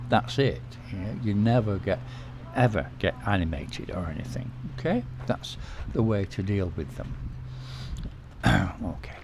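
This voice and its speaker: A man hosting a vlog, giving relaxed, casual advice to the camera, repeating himself and often checking in with "okay?". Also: lowish voice, unhurried, background noise. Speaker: vlog host.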